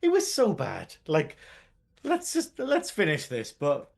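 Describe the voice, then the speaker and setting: A man's voice: on the high side, wildly swooping pitch, slow pace, creaky. A man with a Geordie accent, co-hosting a podcast and ranting with lots of swearing and laughter. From Newcastle, England. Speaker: podcast co-host. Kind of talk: casual chat.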